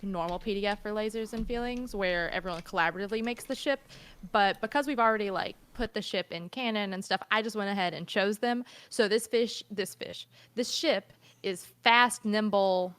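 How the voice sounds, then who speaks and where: A woman's voice: medium pitch, normal speed, a bit bright, clean tone. A woman running a tabletop role-playing game on a live stream, upbeat and giggly, often restarting her sentences. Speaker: game master.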